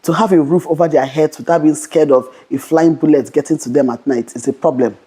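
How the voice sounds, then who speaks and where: A young adult woman vlogger giving a fast, bold motivational Christian talk to camera, often repeating "okay". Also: low voice, dark tone, breathy edge.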